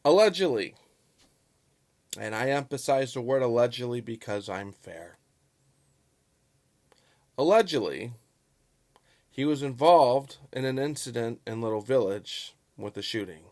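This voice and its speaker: A man commenting on a local news story in a vlog, stressing words over and over and swinging between loud bursts and quiet asides. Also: mid-range voice, moderate pace, few pauses. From Chicago. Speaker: YouTube commentator. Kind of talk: profane political commentary vlog.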